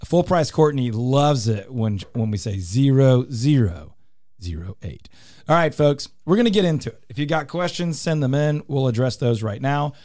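A man's voice: mid-range voice, animated, normal speed, darkish tone, no echo. A man hosting a radio show in a studio, talking in an upbeat, teasing, salesy way. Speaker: radio show host and real estate team leader. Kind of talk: casual radio talk.

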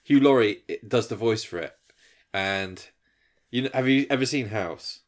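A man co-hosting a podcast in casual chat, animated and quick to laugh. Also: fairly low pitch. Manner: animated, acts out quotes, laughs easily. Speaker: podcast co-host.

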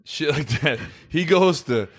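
A man's voice: on the high side, animated, measured pace, gravelly, breathy edge, no room sound, clean studio sound. A man co-hosting a podcast, chatting bluntly and casually, swearing a lot and laughing as he talks. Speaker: guest co-host.

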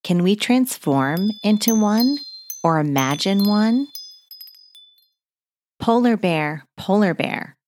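A woman hosting a children's mindfulness story, gently guiding breathing and movement exercises. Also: medium pitch, animated, slow pace, long pauses, slight background noise. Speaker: host of children's mindfulness podcast.

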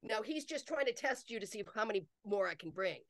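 A woman's voice: mid-range voice, animated, fairly quick, fairly bright tone, no room sound. Emphatic woman who repeats herself. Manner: emphatic, repeats phrases, acts out quoted voices. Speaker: psychic medium guest. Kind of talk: casual interview chat.

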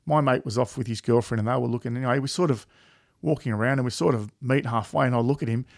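A man's voice: mid-range voice, quick pace, creaky, no echo, clean studio sound. A man with an Australian accent, co-hosting a podcast in casual chat, rambling with many fillers and frequent swearing. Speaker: podcast co-host.

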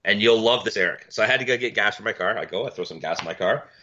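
Blunt, profane man on a dull recording. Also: fast talker. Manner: blunt, profane storytelling, mimics people in loud high voices. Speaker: podcast co-host. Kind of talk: casual chat. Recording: dull lo-fi audio.

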